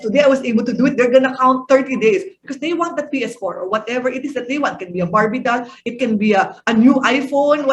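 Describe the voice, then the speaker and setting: Woman, middle-aged, high pitch; online parenting coach, engages the audience with questions. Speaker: parenting speaker and executive coach.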